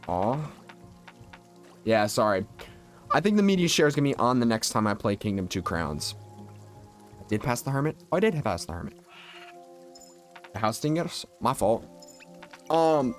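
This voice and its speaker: A young adult man streaming a video game, chatting casually and rambling through a childhood story with lots of filler words. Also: medium pitch. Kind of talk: casual storytelling while gaming.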